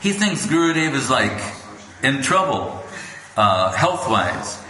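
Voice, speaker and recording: Bright-voiced man giving a devotional talk. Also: medium pitch, sing-song, takes it slowly. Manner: storytelling, acts out quoted voices. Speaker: spiritual lecturer. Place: gathering hall. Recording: echoey room with faint background noise.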